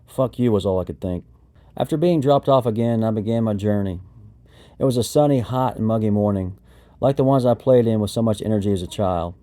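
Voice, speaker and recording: A man narrating his own memoir in the first person, telling it in a steady, matter-of-fact way. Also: fairly low pitch, brisk. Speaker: audiobook narrator.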